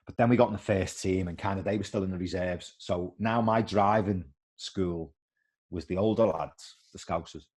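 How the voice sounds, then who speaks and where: A middle-aged former footballer with a deep voice tells animated stories at a moderate pace during a casual interview, acting out other people's voices.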